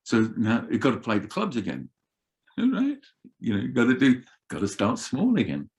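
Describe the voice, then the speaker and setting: An older man telling roadie stories in an animated, swearing way as an interview guest. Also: mid-range voice, moderate pace. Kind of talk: casual storytelling.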